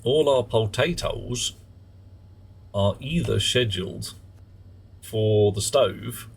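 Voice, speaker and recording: A man's voice: on the low side, slow pace, gravelly, husky. A man streaming a game live, chatting casually and muttering at in-game objects.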